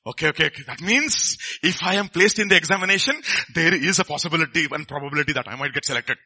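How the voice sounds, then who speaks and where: A man's voice: on the high side, expressive, quick pace, bright, forceful tone, breathy edge. A middle-aged man, preaching a sermon in a conversational way and often asking the congregation questions.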